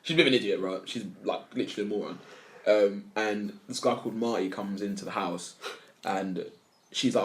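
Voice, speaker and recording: A man's voice: on the low side, a little fast. A young man, co-hosting a casual podcast chat, blunt and ranting, with a bit of swearing. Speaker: podcast co-host.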